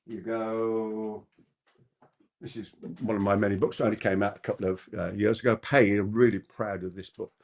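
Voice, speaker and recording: A man working as a trainer gives a live masterclass on persuasion, speaking quickly and repeatedly asking the audience rhetorical questions. He is animated, with big swings in pitch.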